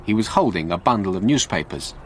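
A man narrating a graded English story for learners in a slow, clear reading voice. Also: fairly low pitch, expressive, a little hiss or hum.

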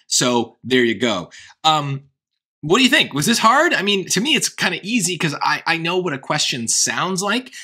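Bright, husky-voiced male tutor. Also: mid-range voice. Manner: chatty, thinks aloud with fillers. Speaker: SAT tutor. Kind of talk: casual tutoring walkthrough.

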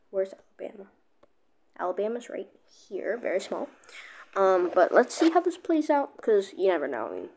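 Give me a woman with an average-pitched voice casually commenting on a strategy game, quick to react and cut herself off. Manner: excitable, keeps cutting herself off with "wait". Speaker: gaming video creator.

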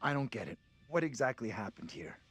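A man voicing a calm, level-headed, reassuring man in a video game. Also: medium pitch, a little fast, slightly rough, dry recording, faint music behind, full character voice.

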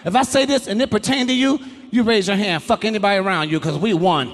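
A man doing a stand-up comedy routine on stage before a live audience, loud and profane, yelling his punchlines. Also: extremely high pitch, animated, fairly quick. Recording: live crowd, noisy hall.

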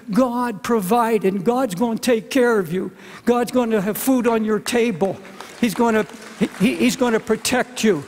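A man's voice: sits high, darkish tone. Earnest older man preaching in a hall. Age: 70s. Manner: earnest, pleading, repeats words. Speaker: pastor. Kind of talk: sermon. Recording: long hall reverb.

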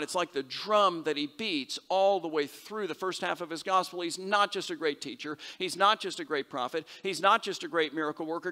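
Animated man preaching in a reverberant church. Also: fairly high pitch, normal speed, hardly any pauses. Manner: conversational and animated, acts out quoted voices. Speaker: pastor. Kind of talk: sermon. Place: church sanctuary. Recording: long hall reverb.

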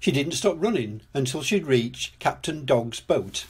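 Older guy reading a kids story, slow and breathy, lively tone. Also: mid-range voice. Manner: gentle, unhurried narration. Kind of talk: storybook read-aloud.

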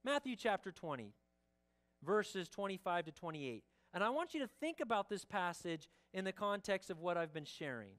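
Pastor preaching in church, measured delivery, voice sinking low at phrase ends, mid-range pitch. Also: sing-song, fairly bright tone. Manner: slow and emphatic, drops the voice low at phrase ends; asks the congregation direct questions. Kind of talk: sermon.

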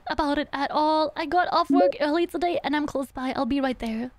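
A woman's voice: sits high, a little fast, no echo, lightly acted. A woman reading as a caring young woman. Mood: reassuring.

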